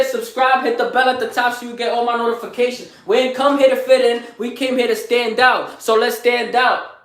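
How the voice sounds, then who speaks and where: A young man with a strikingly high voice hypes himself up in a live motivational vlog, boasting in street slang. He repeats lines over and over and keeps asking his listeners questions. His voice rings in an echoey room. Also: a bit bright. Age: young adult. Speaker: motivational vlogger.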